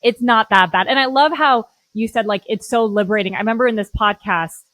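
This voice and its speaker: Woman, podcast host, enthusiastic, casual slang, bright high voice, dry recording. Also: fairly quick, dry recording, poor audio. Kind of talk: interview.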